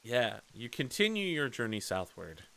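A man's voice: medium pitch, very animated, moderate pace, gravelly, very noisy. A young man running a tabletop game, chatty, explaining rules and laughing often. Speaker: game master.

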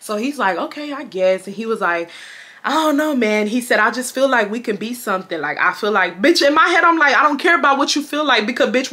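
Young woman from houston spilling a storytime, bright sharp voice, slangy and cussing, shrieks up high when she acts stuff out. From Houston, Texas. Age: 20s. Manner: animated, slangy, swears often, jumps into high shrieks when quoting. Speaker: storytime vlogger. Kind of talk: casual storytelling to camera.

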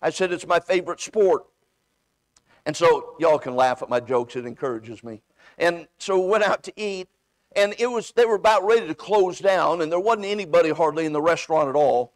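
Man, high voice, evangelist, folksy sermon storytelling, acts out dialogue, repeats words, church. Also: brisk, no room sound. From United States. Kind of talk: sermon with personal stories. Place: church sanctuary.

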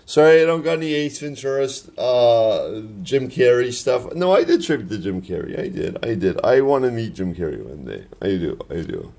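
A man's voice: medium pitch, sing-song, moderate pace, gravelly, hardly any pauses, warm tone. A man in his thirties rambling casually about his sketchbook drawings, with many fillers and restarts. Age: 30s. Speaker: artist showing his sketchbook.

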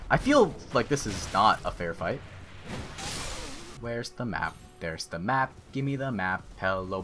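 Excitable young man yelling at a game. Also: medium pitch, slight background noise. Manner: excitable, swings from mutters to yells; crude joking. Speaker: gaming YouTuber. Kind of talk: Let's Play commentary.

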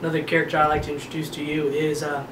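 A man's voice: monotone, rapid-fire. Hesitant man introducing his characters. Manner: hesitant, low-key. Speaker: comedian auditioning. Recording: echoey room, far camera, background noise.

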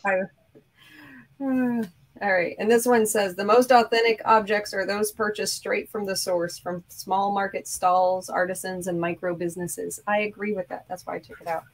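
A woman's voice: medium pitch, fairly even intonation, moderate pace, rough recording. A woman hosting a crafting show, chatting casually and upbeat while showing her projects.

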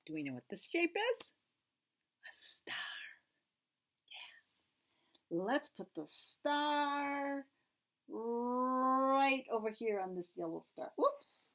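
A woman leading a church story time, gently asking small children questions and reading picture books aloud. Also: sits high, animated, slow pace. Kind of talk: picture-book read-aloud for toddlers.

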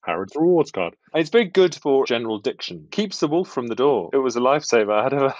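A man's voice: medium pitch, animated, quick pace, no room sound, muffled recording. A middle-aged British man with a British accent, an actor chatting as an interview guest in a wry, self-deprecating way. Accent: British English. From England. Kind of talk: relaxed interview chat.

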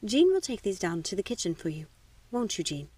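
A woman's voice: medium pitch, very animated, fairly quick, warm tone, husky, no room sound, far from the mic. A woman voicing a proper, attentive governess who speaks politely and deferentially.

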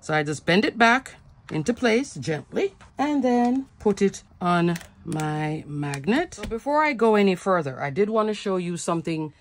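Her voice mid-range and animated, a woman walks viewers through a card-making tutorial at a moderate pace. She's chatty about every step and laughs at herself from time to time.

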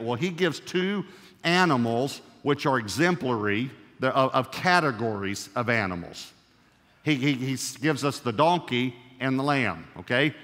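A man's voice: medium pitch, fairly bright tone. Emphatic male pastor in a reverberant hall. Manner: emphatic, slows down to stress key words. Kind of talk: sermon. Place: church sanctuary.

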